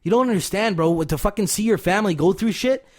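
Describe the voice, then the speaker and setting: A man's voice: sits high, quick pace, a little mellow. A young man from Cuba, a podcast guest, telling stories in a loose, profane, slang-filled way. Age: young adult. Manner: profane slangy storytelling, fillers like bro and dude. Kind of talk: casual chat.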